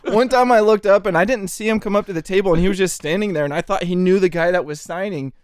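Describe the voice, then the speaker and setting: A man's voice: high voice, fast talker, smooth, no echo. Male podcast co-host, casual storyteller, light voice, dry close mic. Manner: animated, laughing storyteller, says "dude" a lot.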